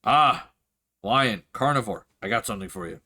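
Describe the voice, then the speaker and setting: A man voicing a big, friendly male orc innkeeper who talks in a gruff, welcoming way in a tabletop role-play. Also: fairly low pitch, animated, moderate pace, sharp tone. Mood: hearty. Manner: gruff, friendly, pushes food on guests.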